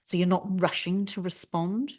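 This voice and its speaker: A woman with a somewhat low voice co-hosts a mindfulness chat. She coaches listeners gently, often checking in with a soft "right?" or "yeah?". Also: steady tone, normal speed. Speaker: podcast co-host. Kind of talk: casual chat.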